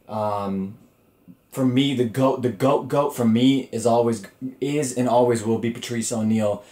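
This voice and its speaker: This solo comedy podcast host is a man with a medium, slightly mellow voice. He rambles casually and profanely, often restarting and using many fillers.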